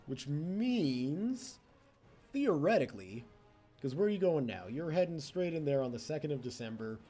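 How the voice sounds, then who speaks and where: A man talks through a strategy game in casual let's play commentary, chatty and teasing his computer foes. His voice sits a little high and mellow, rising and falling in a lively way. Faint game music plays softly behind him. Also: moderate pace, slightly rough. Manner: chatty, taunts the computer opponents.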